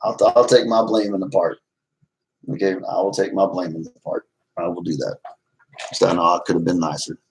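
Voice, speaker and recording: A man's voice: sits low, flat delivery, brisk, pauses often, poor audio. A middle-aged man live-streaming, talking casually to his chat in a rambling, restless way that moves from agitated to apologetic. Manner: rambling, agitated then apologetic, many restarts.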